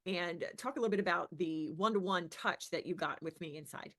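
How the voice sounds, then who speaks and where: A woman's voice: fairly low pitch, a little fast, fairly bright tone. A woman business coach hosting an interview. She asks encouraging, leading questions of her client.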